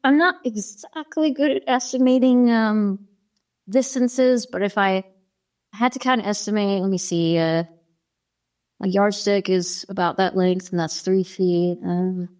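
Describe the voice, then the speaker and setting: A woman who is a podcast guest, telling a personal story in an animated way with many fillers. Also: mid-range voice, a little slow. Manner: animated, many fillers, acts out quoted dialogue.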